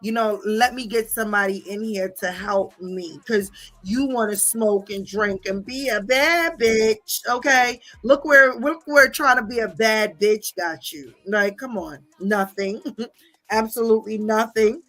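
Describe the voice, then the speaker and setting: A woman's voice: on the high side, measured pace, fairly bright tone. Profane, heated woman ranting on stream. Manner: profane, confrontational, repeats "okay?" and "bitch". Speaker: livestream host. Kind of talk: heated livestream rant reading viewer comments.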